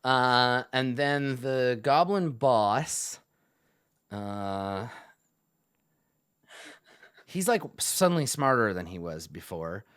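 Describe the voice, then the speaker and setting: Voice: medium pitch, expressive, drawn-out words, long pauses, a bit bright, smooth. A game master narrating a tabletop game in a rambling way, full of fillers.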